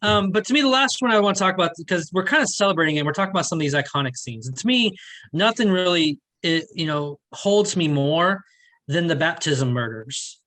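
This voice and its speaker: An eager man talks through a film he loves in a casual review chat. His voice is bright and sits a bit high, and his delivery stays full of enthusiasm. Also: expressive, fairly quick. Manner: enthusiastic, keeps saying "to me". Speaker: film review show host.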